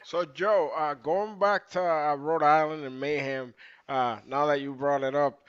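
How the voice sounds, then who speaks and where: Male co-host, casual, slightly high smooth voice, dull lo-fi sound. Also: fairly even intonation, measured pace, over a noisy crowd. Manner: easygoing, brief acknowledgements. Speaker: podcast co-host. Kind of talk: casual interview chat.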